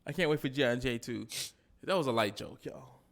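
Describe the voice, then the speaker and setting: A man co-hosting a casual podcast chat, telling a story with animated delivery and acting out the quotes. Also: medium pitch, a little fast. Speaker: podcast co-host.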